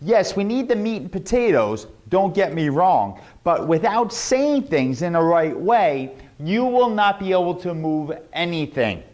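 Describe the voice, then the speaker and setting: A young adult man teaching a sales lesson, animated and demonstrating tones with his own voice. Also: sits high, unhurried, hardly any pauses. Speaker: sales trainer.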